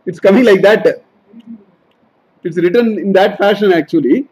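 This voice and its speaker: A man's voice: high voice, moderate pace, a little mellow, slightly rough, rough recording. A man teaching a scripture study class, explaining verses line by line and often repeating and correcting himself. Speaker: Vedanta teacher.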